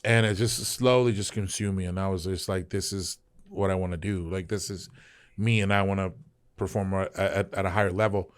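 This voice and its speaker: A man from Texas with a Texan accent, a podcast guest talking about his military days in casual, animated, profane storytelling with frequent laughter. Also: low-pitched, a little fast, smooth. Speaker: podcast guest, veteran advocate.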